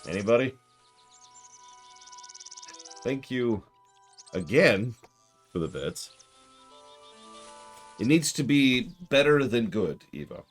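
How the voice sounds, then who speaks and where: A man's voice: mid-range voice, very animated, slow pace, pauses often, faint music behind. A man streaming a game live, chatting casually and rambling with self-deprecating asides.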